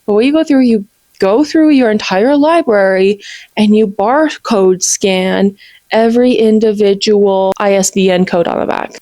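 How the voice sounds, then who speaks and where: Gushing over books in a casual to-camera chat, a bubbly woman in her 20s fills her talk with "like." Her voice is medium in pitch and darkish in tone, captured in a dry recording.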